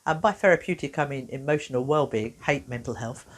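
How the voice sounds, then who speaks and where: A woman, a therapist giving a playful, expressive workshop talk with self-mocking humor. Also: rumbling low, fairly quick.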